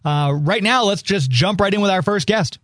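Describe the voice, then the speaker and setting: A man's voice: high voice, moderate pace, fairly bright tone, no echo, studio quality. A man hosting a radio interview show, eagerly asking rambling questions as an enthusiastic fan.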